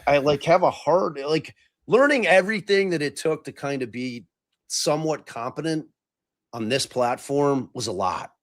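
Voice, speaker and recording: A man's voice: fairly high pitch, moderate pace, dry recording, clean studio sound. A middle-aged man hosting a live podcast stream, chatting casually, swearing freely and joking about his own lack of tech skill. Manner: self-mocking, swears freely, fumbles with tech. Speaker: podcast host.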